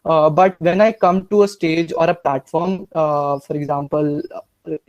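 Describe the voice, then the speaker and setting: A man's voice: on the high side, fairly even intonation, measured pace, highs cut off. Hesitant man asking a question. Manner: hesitant, many fillers. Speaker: audience member asking a question.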